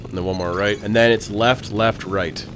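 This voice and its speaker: A man giving casual gaming commentary, calling out button prompts, joking and swearing with bursts of loud laughter. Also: on the low side, steady tone, moderate pace, background noise. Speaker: co-host guiding a video game playthrough.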